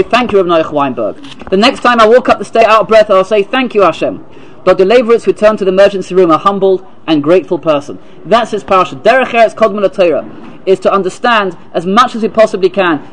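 A man giving a sermon as a rabbi, halting and repeating words, then reading a story aloud. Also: high voice, fairly bright tone, slight background noise, rough recording.

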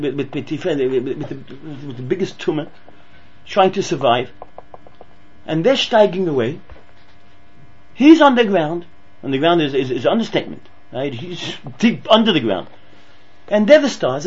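A man teaches a Torah lesson in a high, husky voice that swings widely in pitch. He talks excitably, often repeating and restarting his words. The recording is dull and lo-fi, with a hum underneath. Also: normal speed.

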